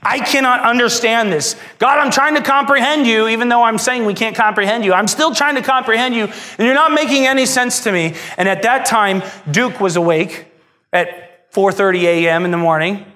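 A man preaching a sermon as pastor, emotional, moving from hushed, tender passages to soaring, impassioned ones. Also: extremely high pitch, moderate pace.

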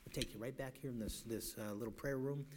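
A male preacher giving an evangelistic sermon in a church, shouting one moment and pleading softly the next, often repeating himself. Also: mid-range voice, fast, slight background noise. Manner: swings from shouting to hushed, pleading; repeats words and restarts. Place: church sanctuary.

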